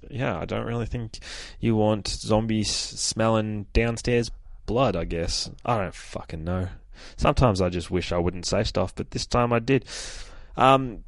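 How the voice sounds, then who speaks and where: A low-voiced man hosts a podcast and recaps a comic book with a loose, swearing, self-mocking energy. The recording is dry and close to the mic. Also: gravelly, no echo. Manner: animated, profane, laughs at himself. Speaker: podcast host.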